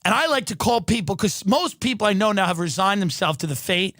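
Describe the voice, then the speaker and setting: A man's voice: high-pitched, lively intonation, a little fast, a bit bright, no room sound, clean studio sound. A man from New York hosting a podcast, delivering a sardonic, profane comedic rant with exaggerated emphasis. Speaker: podcast host.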